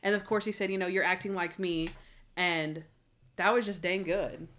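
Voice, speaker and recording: Animated woman retelling scenes. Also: fairly low pitch, normal speed. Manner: animated, acts out characters' lines in voices. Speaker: podcast co-host. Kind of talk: casual chat reviewing a TV episode.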